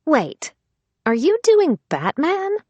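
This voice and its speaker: A woman narrating an audiobook, voicing a stubborn, sharp-tongued young woman who speaks shrilly and defiantly. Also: on the high side, sing-song, moderate pace, no echo, dull audio, voice pushed up. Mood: shrill. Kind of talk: audiobook character voice.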